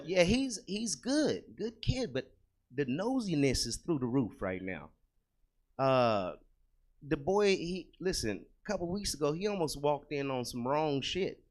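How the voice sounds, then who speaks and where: A man performs a crude stand-up set in a comedy club, speaking conversationally straight to the crowd. He swings between loud bursts and low, muttered asides.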